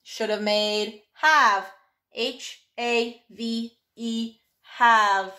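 A woman's voice: a little high, steady tone, drawn-out words, bright, forceful tone. A woman teaching a phonics workbook lesson to a child, sounding out letters patiently.

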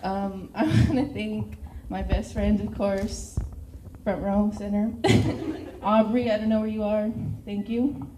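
A woman's voice: medium pitch, level tone, takes it slowly, warm tone, a little hiss or hum. A teenage girl with a Texan accent, a cheer captain giving a nervous, tearful thank-you speech. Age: teens. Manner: nervous, tearful, laughing between words. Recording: echoey room.

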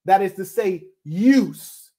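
A man's voice: lively intonation, slow. Scornful man lecturing. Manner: scornful, lecturing, with sharp swings in pitch and loudness. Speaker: podcast host. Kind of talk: reaction commentary and reading listener messages.

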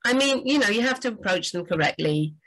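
A woman's voice: mid-range voice, expressive, a little fast, a bit bright, low-quality recording. A woman, a book doctor, giving enthusiastic, chatty writing advice on a livestream. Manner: enthusiastic, chatty, frequent fillers.

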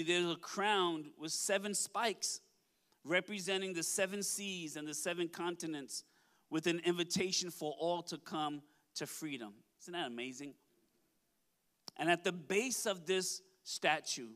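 A man's voice: high voice, sharp tone. A man preaching a sermon as pastor, emotional and declaring, calling on his congregation to respond. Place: church service.

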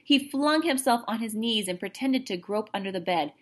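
A woman, a teacher, reading a chapter book aloud with expressive, lively narration. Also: a little high, moderate pace. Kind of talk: storybook read-aloud.

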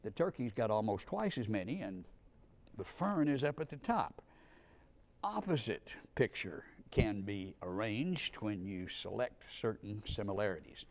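A man with a lowish voice delivers a lecture in a conversational, argumentative way. He leans hard on key words to drive each point home. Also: big pitch swings, measured pace. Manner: emphatic, argumentative, punchy stresses on key words.

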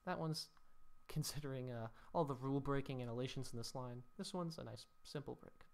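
A man's voice: mid-range voice, brisk, vocal fry, darkish tone. A man teaching Latin poetry scansion, thinking aloud as he works through each line, with mock-dramatic sighs at the rule-breaking.

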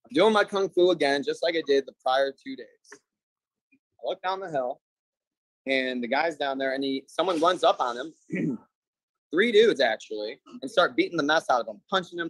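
A man's voice: on the high side, animated, normal speed, fairly bright tone, no room sound, poor audio. A man speaking as a defendant over a video call, telling a long joke in a meandering, filler-heavy way. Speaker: defendant in a court hearing. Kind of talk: rambling joke storytelling.

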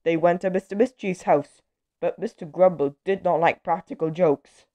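Lady reading a kids' storybook aloud, lowish voice, gentle and expressive, dry close sound. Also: moderate pace, no room sound, highs cut off. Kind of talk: children's story read-aloud.

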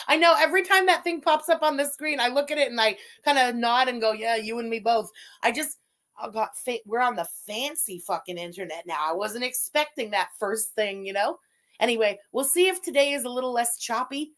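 A woman with a high voice hosts a casual livestream. She talks in an exasperated, profane, venting way, swearing freely as she complains. Between the rants she chats with her viewers. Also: fairly bright tone. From Quebec, Canada. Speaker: livestream host.

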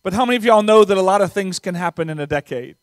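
A man's voice: high voice, lively intonation, fast, no echo. A man preaching as a visiting pastor, speaking in a conversational way with small fillers and a non-Southern American accent. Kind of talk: sermon. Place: church sanctuary.

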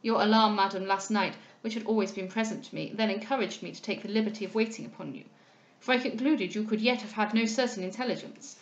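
A polished, formal gentleman from an old novel speaks in measured, courteous phrases, as a woman reads him aloud. The voice sits at a middling pitch. A roomy echo hangs around it. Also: dull audio, close to an everyday voice. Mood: earnest.

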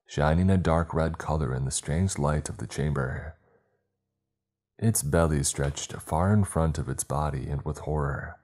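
Male horror narrator, extremely low voice, steady measured read, faint music underneath.

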